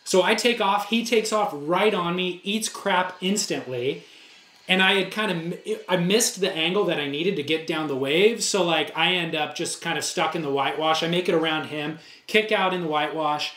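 A man's voice: fairly high pitch, moderate pace. A man co-hosting a podcast, telling a story casually and acting out the quotes with energy. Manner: animated storyteller, acts out quotes. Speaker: podcast co-host. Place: surf museum. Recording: roomy echo.

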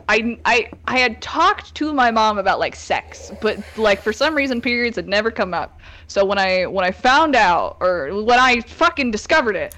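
A woman's voice: on the high side, a bit bright. A young woman hosting a casual group chat, candidly telling a story with lots of laughs and swearing. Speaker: host.

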